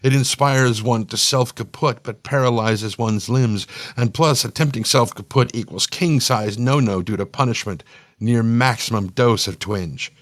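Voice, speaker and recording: A man's voice: mid-range voice, unhurried. A man reading a first-person science-fiction story for an audio fiction show, playful and slangy, perking up on the exclamations. His voice sits mid-range. The sound is dry and close-miked, with no room echo. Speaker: story narrator.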